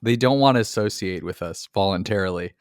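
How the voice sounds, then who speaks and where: A man co-hosting a podcast in casual chat, with dry teasing humor that turns animated when he argues a point. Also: low voice, brisk, no room sound. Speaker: podcast co-host.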